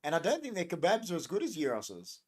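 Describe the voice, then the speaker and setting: A man's voice: on the high side, huge pitch swings, fast talker, darkish tone, husky. A young adult man, hosting a casual livestream, rambling and joking as he reacts to viewers' chat comments. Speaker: livestream host. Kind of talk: casual live-stream chat.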